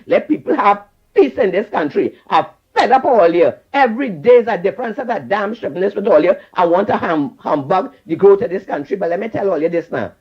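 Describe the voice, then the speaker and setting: A caller with a Trinidadian accent, scolding fervently and repeating phrases on a call-in show. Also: mid-range voice. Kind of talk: impassioned call-in rant. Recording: dull lo-fi call-in line.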